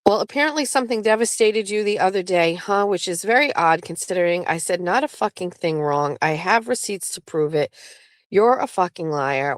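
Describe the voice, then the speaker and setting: A woman's voice: fairly low pitch, lively intonation, normal speed, no echo. Woman livestream host, casual and blunt, swears freely, dry close sound. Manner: blunt, profane, talks back to chat. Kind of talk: casual live-stream chat with viewers.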